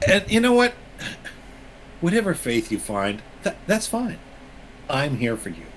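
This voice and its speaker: A man voicing a folksy vampire preacher who pleads softly and earnestly in a tabletop role-play character intro. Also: on the high side, huge pitch swings, slight background noise, exaggerated voice, rough recording. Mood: coaxing. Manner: soft, drawn-out preachy pleading.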